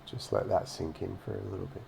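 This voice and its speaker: A man with a low, gravelly voice talks over a video in loose, profane commentary. He mocks the people on screen with dry sarcasm. A faint hiss sits under the voice. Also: steady tone, fast talker. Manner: sarcastic, swears freely, mocking asides. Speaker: reaction commentator.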